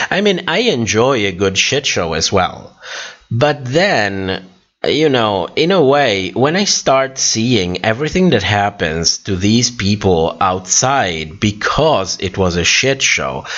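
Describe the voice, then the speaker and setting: A tired man with a very deep voice hosts a relaxed livestream, unhurried and rambling through fillers as he reads comments. His voice sounds worn out, and the dull, lo-fi stream audio takes the edge off it. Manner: rambling, many fillers and restarts. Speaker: livestream host. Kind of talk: casual livestream chat reading comments.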